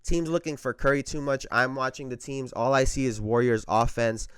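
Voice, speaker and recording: A man's voice: mid-range voice, fairly even intonation, normal speed, clear, resonant tone, dry recording, studio quality. A man hosting a basketball commentary channel, giving his opinions in a conversational, emphatic way.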